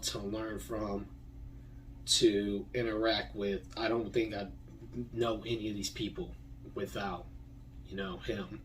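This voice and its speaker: Young man, low voice, halting heartfelt thank-yous, a bit off-mic with faint hum. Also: recorded from a distance, low-quality recording. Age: young adult. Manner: halting, repeats words, many fillers. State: tearful, voice breaking. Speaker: graduating high school student. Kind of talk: heartfelt personal thank-you.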